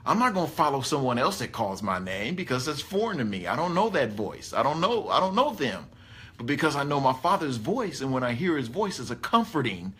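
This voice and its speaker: A man preaching a conversational sermon, animated and folksy. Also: mid-range voice, fairly quick. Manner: animated, folksy, rising excitedly on key points. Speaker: pastor.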